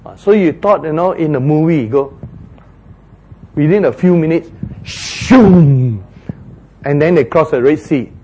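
Man, preacher, high voice, animated sermon, chuckles between lines. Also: unhurried, long pauses, breathy edge. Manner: animated, laughs often, acts out biblical dialogue with big pitch jumps.

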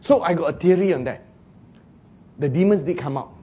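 A man preaching a sermon, telling a story with jokes, acted shouts and laughter. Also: on the high side, breathy edge, narrow, tinny audio.

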